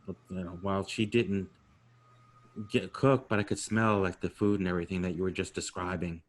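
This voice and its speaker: A New York man in his sixties hosts a podcast interview, chatting in a rambling, easygoing way and laughing readily. His voice sits low, with fairly even intonation and a fairly quick pace.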